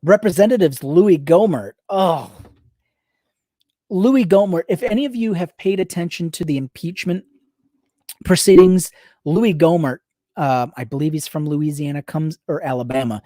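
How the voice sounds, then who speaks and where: Sarcastic woman reading aloud fast. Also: on the low side, dark tone, no room sound, clean studio sound. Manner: rapid-fire reading with sarcastic asides. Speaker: book reader on a livestream. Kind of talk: reading aloud with live commentary.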